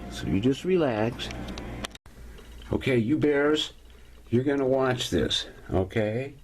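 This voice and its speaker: A man hosting a casual home video, chatting to viewers as folks and talking softly to his cat, filmed on a camera held by his wife. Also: medium pitch, expressive, takes it slowly, pauses often, slight background noise. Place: at home, partly in sunlight.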